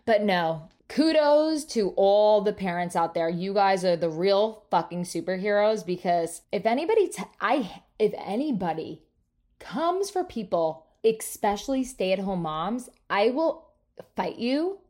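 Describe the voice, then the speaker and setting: A woman in her thirties, from New Jersey, hosting a solo podcast in a casual, animated and self-mocking way, with free swearing. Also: medium pitch, unhurried. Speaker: podcast host.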